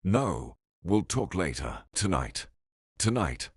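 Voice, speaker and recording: Man reading as a persistent possessive lover, deep and husky. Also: very animated, slow pace, no echo, studio quality, full character voice. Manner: insistent, brooks no objection. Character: pushy possessive male holiday lover.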